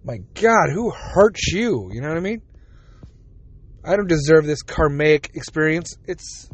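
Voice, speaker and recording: A man's voice: on the high side, no echo. A man hosting a podcast, talking casually and rambling, with frequent swearing and self-deprecating asides. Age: adult with a child. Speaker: podcast host. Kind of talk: casual solo podcast monologue.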